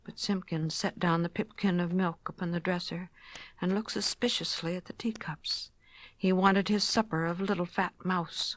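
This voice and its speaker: Woman reading a storybook, hushed and gentle. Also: on the low side, fairly even intonation, normal speed, no room sound. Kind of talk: storybook narration for children.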